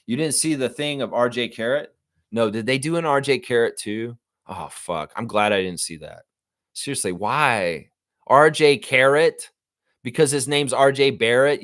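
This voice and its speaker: A man of middle pitch rants on his live fan show, profane and exasperated, firing off one outburst after another. He sits close to the mic in a dry, unechoing room. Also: no room sound. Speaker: sports show host.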